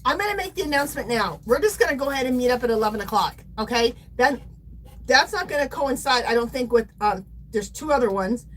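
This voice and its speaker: A woman's voice: on the high side, expressive, fast, a bit bright, a little hiss or hum. A woman hosting a casual craft livestream, chatty and playful, reading viewer comments aloud and laughing often. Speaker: livestream host.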